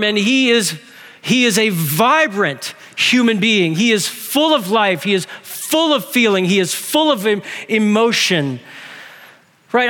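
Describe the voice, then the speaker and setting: A man's voice: high voice, bright, forceful tone. A man in his forties, a pastor from Texas, preaching a sermon with humor and rhetorical questions to his congregation. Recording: long hall reverb.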